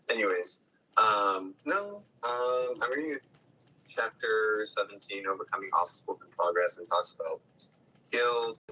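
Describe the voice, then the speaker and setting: Hesitant student guy, low but bright voice, muffled lo-fi call sound. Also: unhurried, long pauses, breathy edge. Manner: hesitant, lots of fillers. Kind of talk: casual chat.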